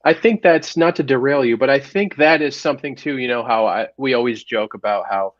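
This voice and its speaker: An earnest man co-hosting a podcast, often stammering and restarting as he works his way through a thought. His voice is mid-pitched and comes through a dull, lo-fi mic. The sound is dry and close. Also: brisk, dry recording. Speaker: podcast co-host. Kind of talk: casual chat.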